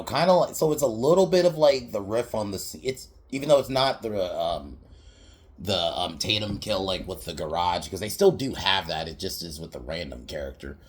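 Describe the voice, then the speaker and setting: A young man hosting a podcast, casually recapping a film in a rambling, profane way, laughing often and slipping into quoted voices. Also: deep voice. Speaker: podcast host reviewing a film.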